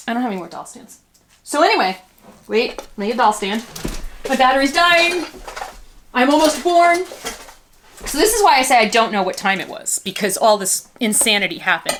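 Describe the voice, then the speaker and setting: A woman's voice: a little high, a bit bright, a little hiss or hum. A woman doll collector vlogging casually, chatty and goofy, rambling between reviewing a doll and telling a family story.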